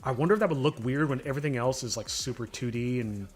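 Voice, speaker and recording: An easygoing man of middle pitch, talking through his work in a loose, rambling way with small pauses and fillers while he answers his viewers. He sounds relaxed and unhurried, a live streamer at his desk, with faint music playing softly behind him. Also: husky. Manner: relaxed, thinking aloud, chatting with viewers. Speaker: streamer and animator. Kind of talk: casual live-stream chat.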